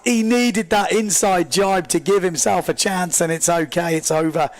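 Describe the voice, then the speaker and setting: A man commentating a live race stream, excitable and chatty, joking at his own expense as he reads viewer comments. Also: high voice, normal speed, no room sound. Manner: excitable, chatty, self-deprecating, rambling with fillers. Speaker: livestream sports commentator.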